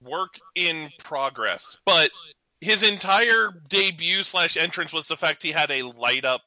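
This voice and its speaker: A man's voice: fairly high pitch, animated, a little slow, bright, forceful tone, no room sound, poor audio. A man co-hosting a casual wrestling talk show, rambling and self-deprecating. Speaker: co-host, the intern.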